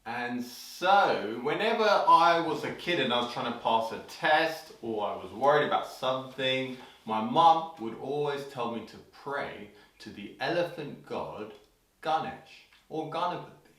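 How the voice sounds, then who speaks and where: A man hosting a children's show, telling a story playfully and breaking into sudden shouts, heard in an echoey room from a distance. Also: mid-range voice, a little slow. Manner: animated, leaps into loud sudden shouts for scares.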